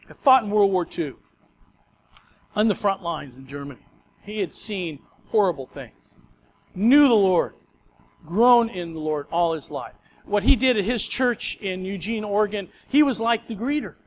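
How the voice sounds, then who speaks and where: A man's voice: high voice, expressive, a little slow, slight background noise. A male pastor preaching a sermon in a conversational storytelling way.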